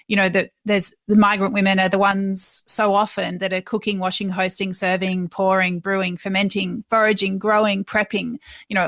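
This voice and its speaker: A woman hosts a food podcast interview in a casual, enthusiastic way. She praises her guest and frames her questions with the odd um. Her voice sits at a middle pitch in a dry, close recording. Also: no echo. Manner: enthusiastic, warm interviewer with ums. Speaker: podcast host.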